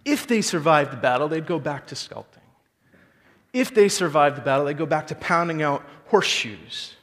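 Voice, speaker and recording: A man preaching a sermon as a pastor, animated storytelling and rhetorical questions. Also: a little high, moderate pace, in a large hall.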